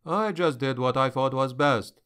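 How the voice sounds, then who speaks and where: A man's voice: mid-range voice, measured pace, fairly bright tone, clear, resonant tone, lightly acted. A man voicing a modest male mercenary captain, matter-of-fact in his account.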